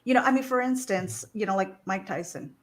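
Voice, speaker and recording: A woman hosts a casual talk on a video call, her voice mid-pitched and ordinary. She hunts for her words with plenty of pauses and laughs easily. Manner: hesitant, many fillers, laughs easily. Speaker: host. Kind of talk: casual panel chat.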